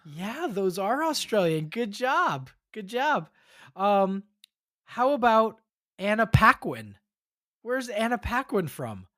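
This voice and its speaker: A woman's voice: mid-range voice, sing-song, takes it slowly, fairly bright tone. A woman hosting a podcast, running a quiz for her co-hosts in an upbeat, encouraging way. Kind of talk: casual podcast chat.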